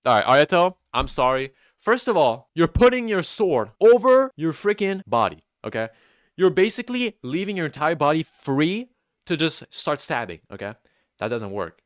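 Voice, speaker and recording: A young man giving casual, animated gameplay commentary, full of incredulous, mock-outraged rants. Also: fairly high pitch, normal speed, no room sound, studio quality. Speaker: YouTube gaming commentator.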